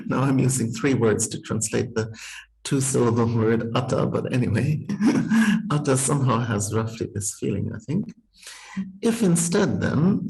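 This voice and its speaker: A man's voice: mid-range voice, gravelly, a little mellow, poor audio. A man teaching as a university Sanskrit professor, thinking aloud with careful restarts and small laughs, talking over a video call. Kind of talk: university text-reading seminar.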